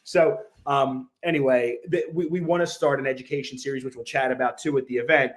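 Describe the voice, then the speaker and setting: A man from the Philadelphia area hosting a podcast in a studio, talking fast with many fillers and restarts. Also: mid-range voice, fairly even intonation. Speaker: brokerage owner and podcast host. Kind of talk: casual podcast chat.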